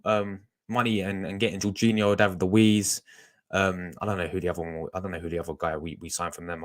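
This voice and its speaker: A young man hosting a fan channel talks casually to his live-stream chat, rambling and restarting often. His voice sits low and sounds a bit bright.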